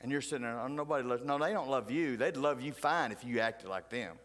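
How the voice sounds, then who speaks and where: A middle-aged man, a pastor telling folksy stories in a sermon, flaring loud, then dropping to hushed asides. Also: mid-range voice, fairly quick. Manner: folksy, fiery, swings between loud outbursts and hushed asides. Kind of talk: animated storytelling sermon. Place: church sanctuary. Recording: church hall reverb.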